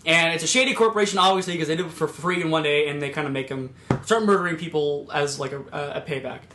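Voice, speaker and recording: A young man hosting a casual podcast, rambling through a story with lots of fillers and sudden loud put-on voices. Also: on the high side, fast, background noise. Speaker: podcast host. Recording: echoey room.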